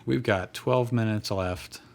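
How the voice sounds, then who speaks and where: A man reading fan fiction aloud with dry, deadpan comic timing as co-host of a live show. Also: lowish voice, takes it slowly, creaky. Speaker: reader and co-host.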